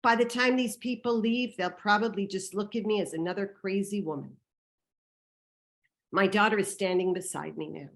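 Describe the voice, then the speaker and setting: A woman telling a personal story on stage, dramatic and vivid, moving between hushed and loud. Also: medium pitch, moderate pace. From Canada.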